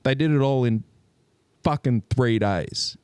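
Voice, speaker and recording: A man's voice: medium pitch, a little slow, a little mellow, smooth, no echo. A man co-hosting a podcast in casual chat, ranting animatedly with swearing and exasperated laughs. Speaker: podcast co-host.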